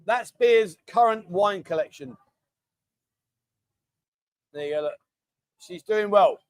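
A man's voice: high-pitched, animated, slow, dry recording. A middle-aged man hosting a casual livestream, chatting and reading out viewer comments in a matey way. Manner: chatty and matey, often calls people mate. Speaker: livestream host.

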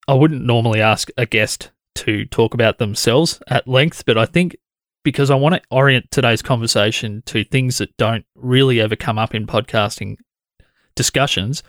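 A man's voice: medium pitch, fairly bright tone, dry recording, clean studio sound. An Australian man hosting a podcast, welcoming and questioning his guest in an easygoing, chatty way. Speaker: podcast host. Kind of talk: casual conversational interview.

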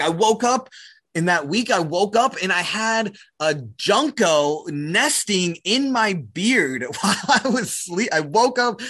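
Casting: male guest, New Zealand accent, relaxed chatty delivery, voice sits a little high. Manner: casual, heavy use of "like" and "right?", laughs easily. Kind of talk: reflective conversational interview.

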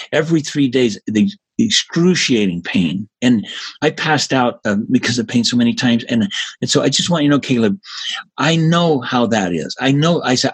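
A man in his seventies, a guest in a casual interview, telling stories in an energetic, emphatic way. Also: medium pitch, breathy edge. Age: 70s.

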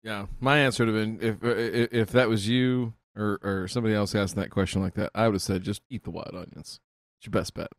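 A male co-host on a call-in show, loud and wisecracking. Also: on the low side, fairly even intonation, quick pace, no room sound, clean studio sound. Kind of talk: casual call-in show chat.

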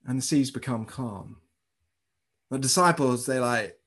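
A man preaching a sermon as pastor, telling a story in a lively way and speaking directly to his congregation. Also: mid-range voice, moderate pace, breathy edge. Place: church service streamed online.

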